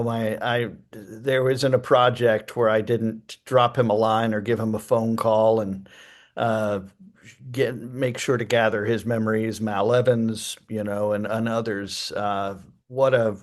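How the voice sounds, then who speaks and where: On the low side and a little slow, this male author's level voice carries his thoughtful, wandering answers as a guest. Fillers crop up often throughout the casual interview.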